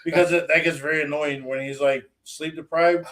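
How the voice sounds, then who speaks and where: Man, fairly high voice, casual podcast chat, profane, animated storyteller. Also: a little fast. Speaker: podcast co-host.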